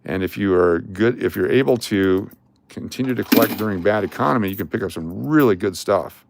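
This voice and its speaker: Against a noisy background, an older man's lowish, creaky voice runs a little fast. He's a coin collecting live streamer, casually joking while sorting coins and calling out dates and mint marks.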